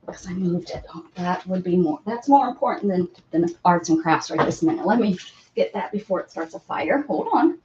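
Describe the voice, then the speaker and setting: A woman's voice: fairly low pitch, animated, moderate pace, darkish tone. A woman hosting a casual crafting livestream from a cluttered room at home, chatting and apologizing to viewers and cooing at her pets. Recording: dull lo-fi stream audio with faint noise.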